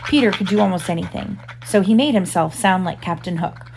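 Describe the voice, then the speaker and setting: A woman's voice: lowish voice, a little fast, vocal fry, background noise. Mother reading a storybook aloud. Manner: expressive, gentle questions to child. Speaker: parent reading aloud to her child.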